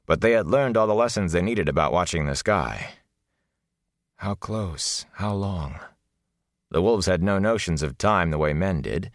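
A man narrating a fantasy audiobook in a steady, measured storytelling voice. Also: sits low, dry recording, clean studio sound.

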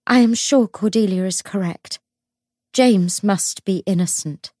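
A woman voicing a stony, composed young woman who speaks in a clear, measured voice. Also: low-pitched, fairly bright tone, no echo, clean studio sound. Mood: cold calm.

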